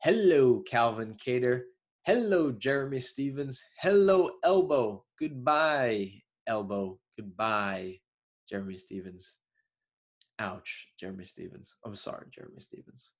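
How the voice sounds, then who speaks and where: A young man with a nasal, choppy Long Island accent talks through fight results on his MMA show. He rambles in loose, filler-heavy commentary. He keeps breaking into sudden excited outbursts. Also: lowish voice, unhurried. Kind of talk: solo commentary.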